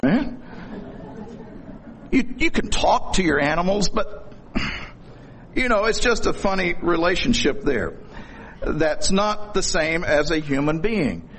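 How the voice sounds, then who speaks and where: A middle-aged man delivers a sermon in a folksy, storytelling manner with a corny sense of humor. His voice sits a little high for a man. A faint background noise runs under the recording. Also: lively intonation, moderate pace, vocal fry, fairly bright tone. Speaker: preacher.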